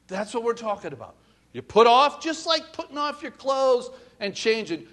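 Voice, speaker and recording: Middle-aged male pastor, lively higher voice, animated sermon with acted-out asides. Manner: animated preaching, acts out little scenes, swings from soft to loud.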